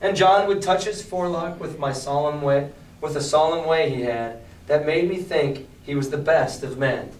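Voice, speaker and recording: Male teacher reading aloud, fairly high voice. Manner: casual, plain-spoken asides between reading. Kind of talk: reading a novel aloud to a class and explaining it. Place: classroom. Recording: roomy classroom from far off.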